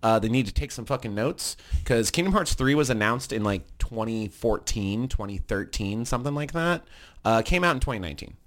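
A man's voice: medium pitch, lively intonation, a little fast, fairly bright tone. A man co-hosting a gaming podcast in casual chat, swearing freely and ranting with enthusiasm. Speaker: podcast co-host. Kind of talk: casual chat about games.

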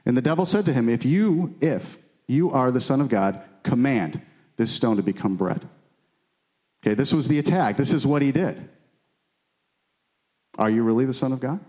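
A man's voice: mid-range voice, darkish tone. A man preaching a sermon, earnest and emphatic, often repeating his key phrases. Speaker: pastor.

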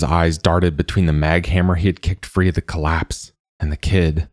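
Deep-voiced male audiobook narrator. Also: no room sound, clean studio sound. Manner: measured, steady storytelling.

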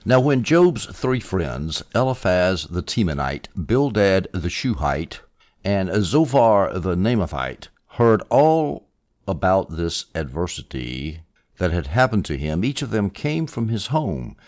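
A man teaching a Bible passage as a preacher, animated, with sarcastic asides and swings between loud and hushed delivery. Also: sits low, slow pace.

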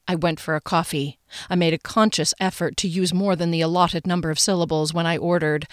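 A woman narrating a first-person novel as an audiobook, in a wry, expressive way. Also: fairly low pitch, a little fast, no room sound, studio quality.

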